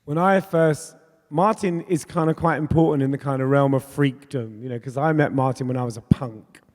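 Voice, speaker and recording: Man, fifties, chatty storyteller, laughs often, middle pitch, reverberant hall. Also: normal speed, darkish tone. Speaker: guest, pop musician and DJ. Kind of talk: candid storytelling in an onstage conversation. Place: festival talk in a hall.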